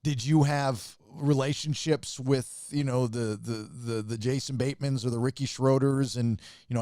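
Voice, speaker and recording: A man's voice: medium pitch, steady tone, moderate pace, few pauses, dark tone, dry recording, studio quality. A man hosting a podcast interview, asking long questions with many restarts. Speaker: podcast host. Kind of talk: casual interview.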